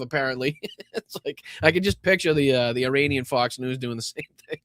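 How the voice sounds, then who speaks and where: A man's voice: fairly high pitch, a little fast, a bit bright, no echo. A man with a Boston accent hosting live political commentary, sarcastic and profane, breaking into laughing asides.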